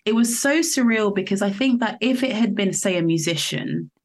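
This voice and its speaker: A woman's voice: mid-range voice, expressive, moderate pace. A woman from the countryside, a musician telling a story as a guest in a casual interview, rambling and laughing as she goes. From England.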